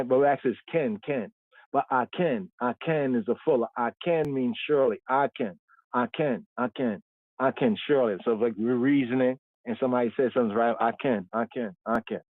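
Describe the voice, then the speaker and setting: A man's voice: medium pitch, no echo. Man teaching scripture over a tinny line. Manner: explanatory, repeats words and says "right?" often. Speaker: Bible study teacher. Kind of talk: livestream scripture study. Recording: tinny phone-like line, dry.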